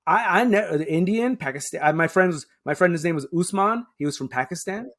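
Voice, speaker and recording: A man's voice: high voice, expressive, fairly quick, a bit bright. A man, a guest making emphatic points in a conversational interview and checking in with "right?" as he goes. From Queens, New York. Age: 30s. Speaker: guest, public affairs officer.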